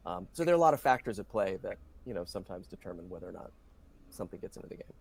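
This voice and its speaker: Gravelly middle-aged male voice actor. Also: sits low, big pitch swings, rapid-fire, darkish tone. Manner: earnest, talkative, full of "you know" fillers. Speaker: voice actor guest. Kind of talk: relaxed interview answers.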